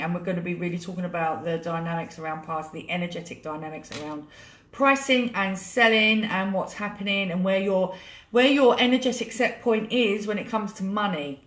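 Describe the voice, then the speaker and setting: A woman's voice: medium pitch, moderate pace, fairly bright tone, a little hiss or hum. A British woman coaching her group on a live stream, chatty, emotional and swearing freely. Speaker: money coach hosting a live challenge. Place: home room with a laptop. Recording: echoey room.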